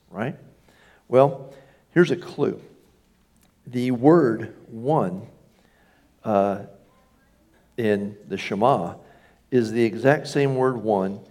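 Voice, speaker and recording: A pastor with a lowish, slightly mellow voice preaches a sermon in church. He is emphatic, raising his voice on key phrases and asking the congregation to agree with him.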